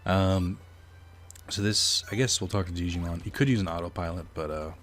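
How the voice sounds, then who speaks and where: A man's voice: deep voice, moderate pace, slight background noise. A man doing casual let's play commentary, rambling with fillers and the odd swear. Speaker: let's player.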